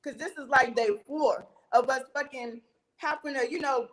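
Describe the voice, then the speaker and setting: A woman's voice: sits high, moderate pace, a bit bright, low-quality recording. A young woman animatedly telling a profane story about a fight, acting out the arguments with emphatic, heated delivery. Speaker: reality TV cast member telling a story.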